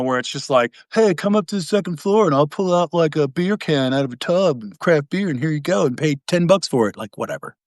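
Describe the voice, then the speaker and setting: A man hosting a podcast, telling a long dating story in a casual, animated way, acting out the quotes with big swings in pitch and volume. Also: no echo, studio quality. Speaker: podcast host.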